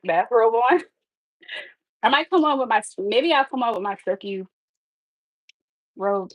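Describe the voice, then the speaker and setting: A woman chatting casually on a livestream from her kitchen, calling her viewers "y'all" and laughing between thoughts. Her voice sits at an ordinary middle pitch and is recorded close and dry, with no room echo. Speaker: livestream host. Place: home kitchen.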